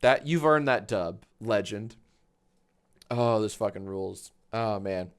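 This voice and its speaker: A man hosting a live stream, chatting casually and loudly, swearing, laughing and getting excited in bursts. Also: takes it slowly, clean tone. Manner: excitable, loud, swears, laughs often, big swings in pitch and volume. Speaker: livestream host. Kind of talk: casual livestream chat.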